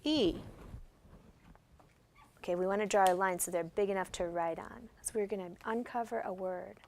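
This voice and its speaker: A woman leads a classroom lesson, patiently walking her students through each step with questions. Her voice carries a gravelly, fried edge at an everyday mid pitch. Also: fairly even intonation, moderate pace, darkish tone, a little hiss or hum. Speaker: special education teacher. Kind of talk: classroom instruction.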